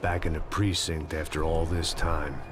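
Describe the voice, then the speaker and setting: An actor playing a weary, hard-bitten middle-aged ex-cop, narrating a noir game in a gruff, sardonic way. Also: male voice, extremely low pitch, flat delivery, moderate pace, noisy background. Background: game music.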